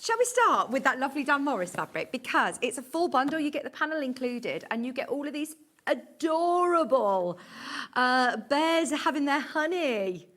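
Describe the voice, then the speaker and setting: Chatty lady doing live tv shopping, a bit high, gushing about everything. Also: big pitch swings, normal speed, fairly bright tone. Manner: gushing, chatty, upbeat sales patter. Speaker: shopping channel presenter. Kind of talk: live TV product selling. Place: TV studio.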